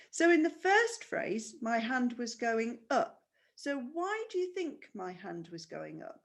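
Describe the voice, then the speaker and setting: A woman teaching a primary school music lesson online, patient and explaining step by step with questions. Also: a little high.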